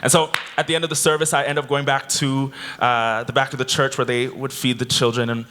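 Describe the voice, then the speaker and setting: A man from Canada stands before a convention crowd, telling a personal story in a keynote. His delivery is animated, moving the story briskly along. His voice sits at an ordinary middle pitch. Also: slight background noise. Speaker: keynote speaker. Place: convention hall.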